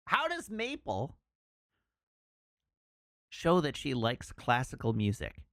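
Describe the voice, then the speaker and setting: A man's voice: mid-range voice, wildly swooping pitch, takes it slowly, sharp tone, no echo, clean studio sound. A man streaming a video game from his home setup, casually chatting and telling cheesy pun jokes into a desk microphone. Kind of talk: casual live-stream chat.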